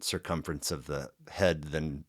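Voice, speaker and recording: A man's voice: a bass voice, steady tone, normal speed, crowd noise. A man telling a long personal story in casual, profane podcast chat, full of fillers and restarts. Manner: profane, rambling, filler-heavy.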